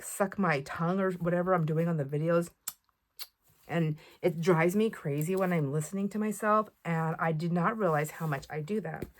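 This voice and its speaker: A woman chatting to camera while showing off a craft haul, excitable and full of fillers and asides. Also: fairly low pitch. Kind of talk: casual chat to camera.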